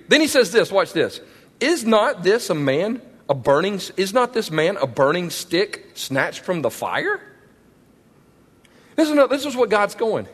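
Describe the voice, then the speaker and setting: A male pastor preaching a sermon in a large church auditorium, animated and emphatic, often asking the crowd questions. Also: sits high, normal speed. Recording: long hall reverb.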